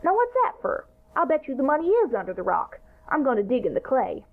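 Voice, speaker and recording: A woman voicing an eager, bossy boy ringleader in a radio-style drama, talking in an excited, boastful way. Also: high-pitched, a little fast, full character voice. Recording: tinny phone-like sound.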